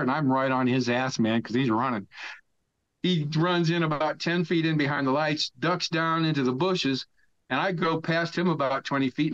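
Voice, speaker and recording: An older American man, appearing as a podcast guest, laughs his way through a rambling, profane story in casual conversation. His voice is a little high and somewhat bright, with no room sound. The recording is dull, lo-fi and dry.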